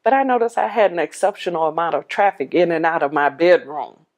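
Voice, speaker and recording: With a fairly low voice and a slightly quick pace, a woman recounts her own life as a testimony. Lively and laughing often, she speaks more quietly when repeating other people's words.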